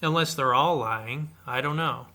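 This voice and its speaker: Hesitant bright-voiced man co-host. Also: mid-range voice, unhurried. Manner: hesitant, self-doubting, many fillers. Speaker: podcast co-host. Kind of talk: casual advice chat.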